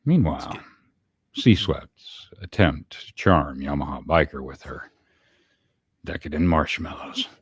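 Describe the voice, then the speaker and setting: Podcast co-host, very low and husky, slow laughing read. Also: male voice, dry recording. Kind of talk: casual chat and story reading.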